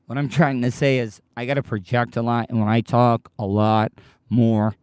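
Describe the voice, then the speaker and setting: Male podcast host, strained tired voice, excitable rambling delivery, dry close sound. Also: mid-range voice, normal speed, smooth, no room sound. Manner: excitable, swears casually. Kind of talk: rambling livestream chat.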